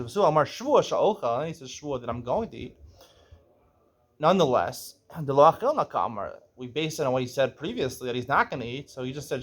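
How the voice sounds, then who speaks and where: A man teaching a page of Talmud, mixing read Aramaic with plain English explanation. He checks in with "right?" again and again and clears his throat from time to time. He stops to correct himself when he gets part of the explanation wrong. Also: mid-range voice, expressive, fast talker. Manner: reads Aramaic then explains in English, asks "right?" often; clears throat now and then.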